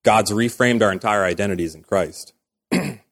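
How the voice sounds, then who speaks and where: A man in his thirties delivers a sermon in a relaxed, conversational manner. His voice sits low, and he often breaks into quoted back-and-forth dialogue. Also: normal speed. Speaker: pastor.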